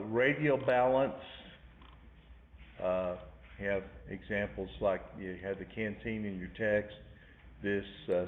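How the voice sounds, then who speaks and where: A man teaching an art class, recapping in a rambling way with many fillers and asides. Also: on the low side. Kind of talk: recorded lecture recap. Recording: echoey room over a tinny phone-like line with faint noise.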